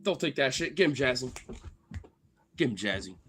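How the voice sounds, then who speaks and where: Excitable man cheering on dogs. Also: medium pitch, normal speed, music in the background. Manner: excitable, laughing and swearing while cheering on his dogs. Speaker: livestreamer. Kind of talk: casual live-stream chat with his dogs.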